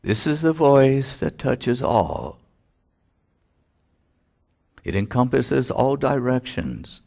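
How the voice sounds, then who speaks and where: Slow, gravelly-voiced man giving spiritual talk. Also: medium pitch, animated, mellow. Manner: solemn, deliberate, long pauses. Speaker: spiritual teacher.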